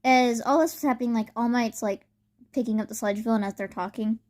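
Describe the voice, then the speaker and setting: A young woman telling a made-up fan story out loud in a casual, rambling way, full of fillers. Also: a little high, fairly even intonation, brisk.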